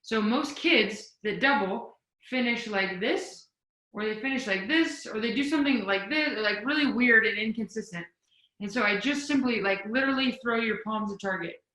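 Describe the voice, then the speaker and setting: A woman speaking as a volleyball coaching guest on a video call, energetic and emphatic, demonstrating as she talks. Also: a little high, normal speed, reverberant, low-quality recording. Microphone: video call mic.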